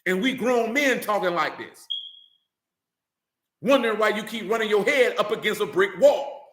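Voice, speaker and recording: A man's voice: sits high, animated, normal speed, a bit bright, a little hiss or hum. Fervent, emphatic male preacher in an echoey room. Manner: preachy, repeats "man" and "you understand", rising to emphatic. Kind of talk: sermon with scripture reading.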